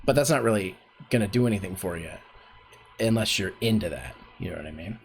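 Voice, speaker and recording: A man teaching voice acting on a livestream, his pitch rising and falling a lot as he rambles through the basics. He talks into a desk mic with fillers and restarts, and a faint hum sits behind him. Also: lively intonation, brisk, gravelly. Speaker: voice acting workshop host. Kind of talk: casual teaching on stream. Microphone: desk streaming mic.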